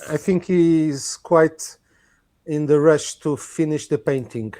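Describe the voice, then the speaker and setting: Mellow-voiced man questioning in character. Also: a little high, fairly even intonation, takes it slowly. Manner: inquisitive, restarts questions. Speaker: player. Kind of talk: tabletop role-play, in character.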